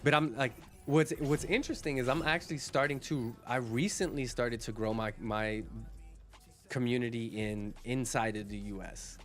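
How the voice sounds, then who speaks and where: A man livestreaming, chatting casually with his viewers, reading chat aloud and often restarting his sentences. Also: medium pitch.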